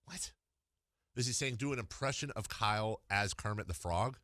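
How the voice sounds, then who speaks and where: Radio sports host, male, lower voice, bright tone, joking and self-deprecating, dry studio mic. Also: no echo. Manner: joking, self-mocking, quick laughs. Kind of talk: casual studio banter. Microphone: studio microphone.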